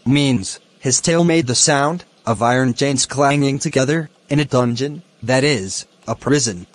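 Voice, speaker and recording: A man teaching a poem, explaining its lines and word meanings slowly and deliberately. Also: mid-range voice. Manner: slow, deliberate, glossing words one by one. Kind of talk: educational explanation.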